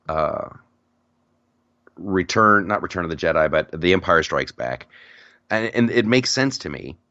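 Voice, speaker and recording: A man with a low voice hosts a casual podcast chat, rambling through stories with lively energy and frequent restarts. The recording is dry, with no room echo, and slightly dull. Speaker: podcast host.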